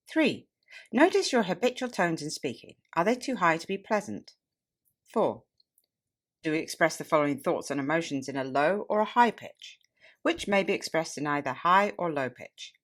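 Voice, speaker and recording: Woman, audiobook narration, lower voice, lively swooping pitch, deliberate and expressive. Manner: expressive, deliberate reading with marked pitch contrasts. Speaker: audiobook reader and toastmaster. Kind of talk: audiobook narration of a speaking manual.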